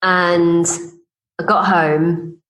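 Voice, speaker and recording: Chatty woman coach, low voice. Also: little pitch movement, drawn-out words, a bit bright, poor audio. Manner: chatty, acts out quoted dialogue, laughs while telling stories. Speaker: business coach and podcast guest. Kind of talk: casual storytelling in a conversation.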